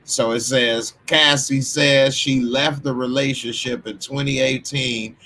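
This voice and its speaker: A man's voice: mid-range voice, steady tone, a little slow, a little hiss or hum. A man from Texas, hosting a casual commentary stream and chatting loosely through viewer comments in slang. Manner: loose, slangy, chatty asides with sudden loud bursts. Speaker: commentary channel host.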